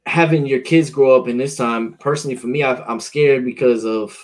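A man's voice: medium pitch, fairly quick, poor audio. A man hosting a podcast, chatting loosely and animatedly, swearing freely and calling people "bro". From United States. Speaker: podcast host. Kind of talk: casual chat.

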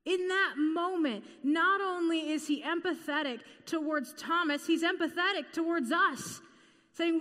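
A woman preaching a sermon in an earnest, measured way, repeating key phrases. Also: very high-pitched, pushed and bright, big-room sound.

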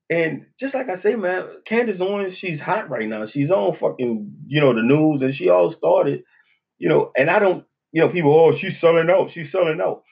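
A man's voice: a little high, vocal fry, husky, highs cut off. A man with a New Orleans accent, hosting a podcast as a casual, profane monologue, blunt and rambling with frequent "you know what I'm saying". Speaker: podcast host.

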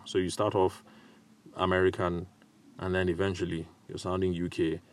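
A man hosting a solo advice podcast, talking in a measured way with frequent filler pauses. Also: sits low. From Nigeria. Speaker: podcast host.

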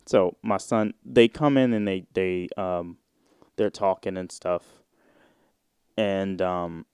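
A man's voice: low voice, steady tone, slow pace, a little mellow, clear, resonant tone, dry recording, studio quality. A man in his twenties hosting a casual solo podcast, rambling in slang with plenty of fillers and swearing. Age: 20s. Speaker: podcast host.

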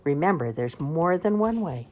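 An older woman reading picture books aloud to a child in an expressive, sing-song way. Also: normal speed, a little hiss or hum. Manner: sing-song, expressive read-aloud with lively pitch swings. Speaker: storyteller.

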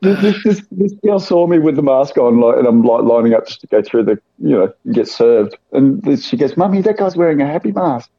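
Mellow-voiced man telling rambling stories. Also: mid-range voice, moderate pace, hardly any pauses, no echo. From South Australia. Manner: rambling anecdotal storyteller, acts out quoted voices. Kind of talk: casual chat. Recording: dull lo-fi sound.

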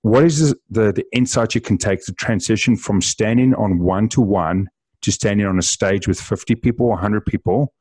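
A man's voice: on the low side, moderate pace, darkish tone, slightly rough, dry recording. A man hosting a podcast interview, asking long rambling questions and giving short acknowledgments. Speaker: podcast host.

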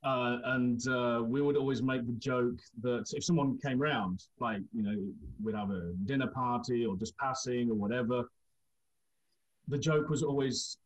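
A man spins long, meandering stories in a relaxed chat and keeps breaking into laughter along the way. His voice sits at a middle pitch. The recording is somewhat dull and lo-fi. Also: normal speed. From England. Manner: rambling, laughs through anecdotes. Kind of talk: casual storytelling chat.

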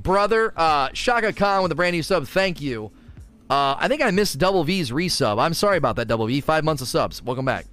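A man's voice: a little high, fairly bright tone. A young man ranting animatedly as a live game streamer and laughing often at his own points.

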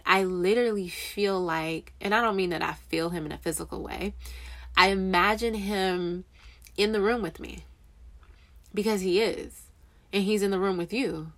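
A woman's voice: mid-range voice, a bit bright. A young woman giving casual, earnest faith encouragement, rambling a little and correcting herself as she goes. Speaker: Christian encourager speaking to waiting spouses.

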